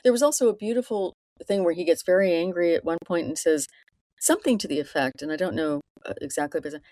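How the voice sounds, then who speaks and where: A woman's voice: fairly low pitch, quick pace, a little mellow, dry recording. A woman co-hosting a podcast, discussing a film earnestly and murmuring agreement while her co-host talks.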